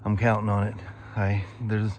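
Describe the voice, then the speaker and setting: A man's voice: lowish voice, completely flat delivery, moderate pace, a little mellow, slight background noise. A middle-aged man vlogging outdoors on a rural road with a clip-on mic, chatting in a folksy, rambling way. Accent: Pacific Northwest American. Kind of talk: casual vlog chat. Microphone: wireless clip-on mic.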